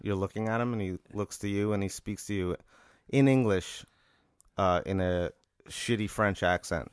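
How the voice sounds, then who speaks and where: Low-voiced man spinning a rambling tale. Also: moderate pace, clear, resonant tone, no echo, clean studio sound. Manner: rambling, leans on "like" while building the scene. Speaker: podcast co-host posing a hypothetical. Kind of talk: improvised comedic storytelling.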